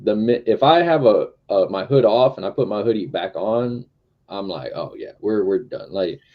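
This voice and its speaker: A man's voice: on the low side, lively intonation, normal speed, muffled recording. A man with a Texan accent co-hosting a casual podcast, laid-back, often acting out what people told him. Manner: laid-back, acts out quoted exchanges. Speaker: podcast co-host. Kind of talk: casual chat.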